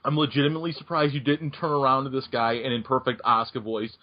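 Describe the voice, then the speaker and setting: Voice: mid-range voice, level tone, quick pace. A podcast co-host in casual chat, playful and jumping in with jokes. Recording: dull lo-fi podcast audio.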